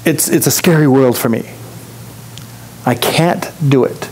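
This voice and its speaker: A man's voice: mid-range voice, unhurried, darkish tone, slight background noise, low-quality recording. A man preaching a sermon as pastor, in a conversational storytelling way, acting out the voices of people he quotes. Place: church.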